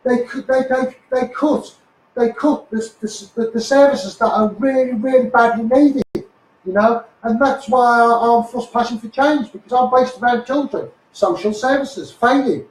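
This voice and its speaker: A man's voice: very high-pitched, a little slow. A man with a Scouse accent ranting on a live stream, swearing, stumbling over repeated words and tagging lines with "mate" and "you know". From Liverpool, England. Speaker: activist livestreamer. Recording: echoey room, voice far from the mic.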